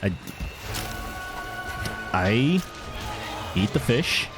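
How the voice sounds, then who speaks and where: A male streamer chats casually over his gameplay in a low, dry, fairly monotone voice. Loud game music plays behind him as he comments offhandedly. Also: normal speed.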